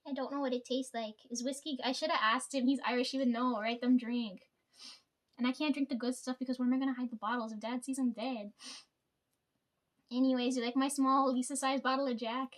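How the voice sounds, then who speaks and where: Young woman vlogging from home, sore throat, pretty high voice, swears a lot and keeps laughing. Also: fairly even intonation, brisk. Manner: profane, laughs often, storytelling. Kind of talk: casual vlog chat. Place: at home, sitting before camera.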